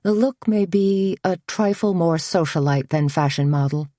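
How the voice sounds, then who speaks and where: A woman's voice: fairly low pitch, normal speed, warm tone, no echo, clean studio sound, close to an everyday voice. A woman doing a teasing, charming stylist. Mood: playful. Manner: confiding, playful.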